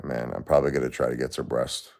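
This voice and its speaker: A man with an extremely low pitch, level tone and darkish sound talks fast while hosting a live stream. He speaks emotionally to chat, tired and distressed, repeating himself.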